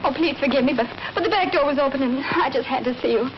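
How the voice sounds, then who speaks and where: A woman's voice: high voice, fast talker, natural voice. An actress playing a frightened young woman with a Southern accent who pleads tearfully, in a 1930s film. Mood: pleading. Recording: dull old film soundtrack with faint hiss.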